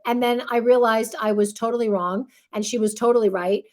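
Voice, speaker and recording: Chatty high-voiced woman teaching childbirth. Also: steady tone, brisk, a little mellow. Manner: chatty, reassuring, keeps checking in with "right?"; acts out what midwives and nurses say. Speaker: childbirth educator. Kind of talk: casual instructional talk with a demonstration.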